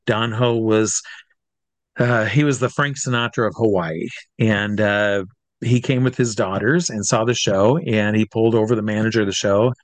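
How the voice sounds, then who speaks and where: A man's voice: lowish voice, fairly even intonation, moderate pace, no room sound. A man who works as a drag comedy entertainer, telling backstage stories in a casual, chatty way, with many fillers and restarts. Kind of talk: casual anecdotal storytelling.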